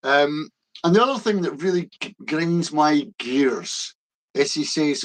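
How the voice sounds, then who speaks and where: A Scottish man co-hosting a political discussion, blunt and emphatic, often halting and restarting. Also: on the high side, lively intonation. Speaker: co-host.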